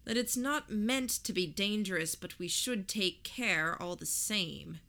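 A woman voicing a short, plump male politician who projects to a crowd in a rushed, reassuring manner. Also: medium pitch, bright, forceful tone. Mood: projecting reassurance. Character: short plump male politician, practiced loud public speaker.

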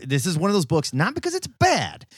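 A man's voice: on the high side, wildly swooping pitch, brisk, slightly rough, no echo, clean studio sound. A man co-hosting a podcast, chatting casually about comics, teasing his partner with jokey asides. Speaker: podcast co-host. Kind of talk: casual comic review chat.

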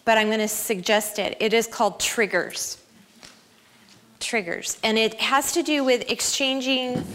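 A middle-aged woman with a somewhat high voice speaks to a room of mothers. She is candid and self-deprecating, mixing advice with stories about her own shortcomings. She laughs easily at herself as she goes. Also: a bit bright. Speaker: speaker at a family camp. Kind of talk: inspirational talk to mothers.

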